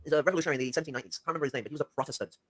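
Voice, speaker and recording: Quick lecturing man, slightly raised pitch, dry close mic. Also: dry recording. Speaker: stream co-host discussing politics. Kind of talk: casual political discussion.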